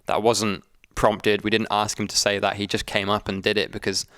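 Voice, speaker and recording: A young man, a video editor, calmly explaining his editing choices with dry humour. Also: on the low side, normal speed, clean tone, no room sound. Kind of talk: casual breakdown chat.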